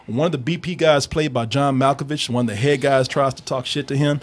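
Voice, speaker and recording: A man hosting a casual movie review, animated and profane, laughing often and slipping into impressions. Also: mid-range voice, fairly quick.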